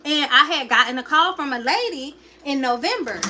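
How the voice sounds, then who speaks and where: A woman's voice: high-pitched, animated, normal speed, pushed and bright, a little hiss or hum, rough recording. A young woman livestreaming, telling a personal story in an emotional, chatty way and talking straight to her viewers.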